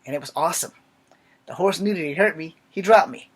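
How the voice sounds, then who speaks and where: A young man telling a funny personal story in casual, swearing storytime style, jumping from low mutters and whispers to loud outbursts. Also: a little fast, slightly rough. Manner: sometimes drops to a whisper. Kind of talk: casual profane storytime monologue.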